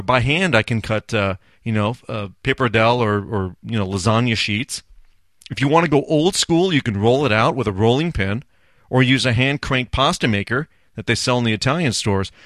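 A man's voice: mid-range voice, a bit bright, dry recording. Man, podcast host, blunt, profane, sarcastic, dry close sound. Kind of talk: casual ranting commentary.

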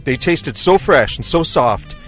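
A man's voice: fairly high pitch, animated, measured pace, faint music behind. A man hosting a food show, telling stories in an enthusiastic, chatty way. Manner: enthusiastic storytelling. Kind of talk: casual chat. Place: in a vehicle.

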